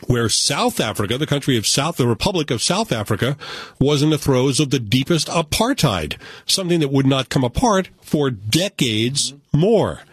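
An American man reviewing a film in casual radio chat, animated and opinionated with a joking streak. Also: medium pitch, moderate pace, breathy edge, no room sound. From United States. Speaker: film critic.

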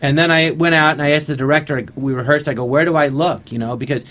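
A man's voice: a little high, fairly even intonation, fast talker, fairly bright tone. A middle-aged man telling show-business anecdotes in casual conversation, acting out the voices of people he quotes. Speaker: interview guest. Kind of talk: casual storytelling.

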